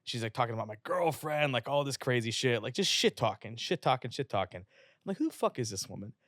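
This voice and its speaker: Speaking quickly in a mid-range voice, this young fitness influencer from West Virginia spins casual, foul-mouthed stories and animatedly performs the voices of those he quotes. The podcast studio mic gives studio-quality sound with no room sound.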